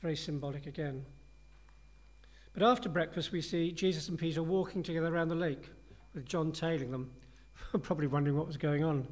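A man preaches a sermon in an easygoing, conversational way, earnest and thoughtful as he guides his congregation through a passage. His voice is slightly higher than the typical male voice, and he speaks fairly quickly.

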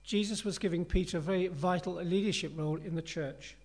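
Talking a little fast, a male preacher takes his congregation through a passage in an informal, conversational sermon. He comes across as earnest and reflective, his pitch a touch higher than is usual for men.

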